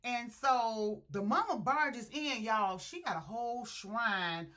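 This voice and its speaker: A woman speaking recaps a book for her viewers in loose, chatty slang. Her voice is bright and forceful. She drifts into quick impressions of the characters as she goes. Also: a little high. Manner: animated storyteller acting out characters' quotes with slang. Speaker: book reviewer. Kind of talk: casual spoiler-filled plot retelling.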